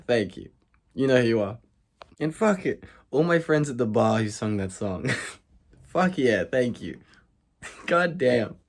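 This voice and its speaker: A man's voice: unhurried, pauses often. A man telling a comic storytime monologue on a vlog, laughing and swearing as he acts out the quotes. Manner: animated, laughing, profane, acts out quotes with big pitch jumps. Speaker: vlogger.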